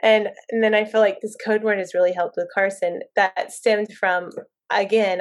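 A woman in her thirties, a mother and podcast guest, telling lively stories in casual conversation and acting out her own quotes with laughter. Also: medium pitch, normal speed.

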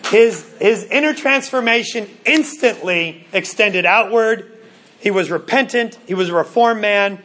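Brief: male pastor, high voice, earnest sermon delivery, slows to stress points. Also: bright, forceful tone. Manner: earnest, stumbling restarts, slows for emphasis.

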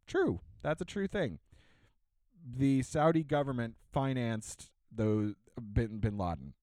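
A man co-hosting a podcast, talking in a sarcastic, ranting way, full of "like" and restarts. His pitch swings widely as he gets worked up. The sound is dry and close, with no room echo. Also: slow. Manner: animated, sarcastic, many fillers and restarts. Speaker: podcast co-host. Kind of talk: casual ranting chat.

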